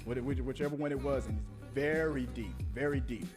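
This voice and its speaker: A man from Texas hosting a casual interview, talkative and animated, rambling with restarts. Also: medium pitch, brisk, over music. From Houston, Texas, US. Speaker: interview host.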